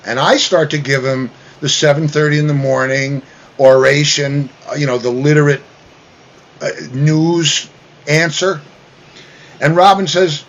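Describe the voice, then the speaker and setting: A man telling a long story in casual chat, animated, mimicking other people with loud raised voices. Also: a little high, measured pace. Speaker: guest musician.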